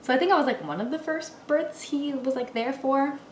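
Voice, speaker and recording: A woman's voice: high-pitched, normal speed. A young woman in her twenties chatting casually and rambling as she bakes in her apartment kitchen, laughing often. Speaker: vlogger. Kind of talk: casual chat while baking. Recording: echoey room, faint noise.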